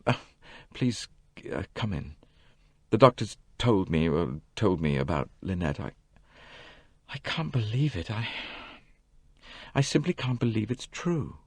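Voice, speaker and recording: A man's voice: fairly low pitch, sing-song, no echo. A man reading an audiobook, voicing a bewildered, injured young man who stammers and halts. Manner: stammering, halting. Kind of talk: audiobook character voice.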